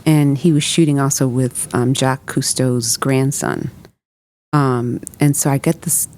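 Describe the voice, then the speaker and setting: A woman's voice: a bass voice, fairly even intonation, a little slow, darkish tone. A woman in her fifties, a podcast guest, recounting past events in conversation with lots of reported dialogue and filler words. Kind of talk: personal storytelling in conversation.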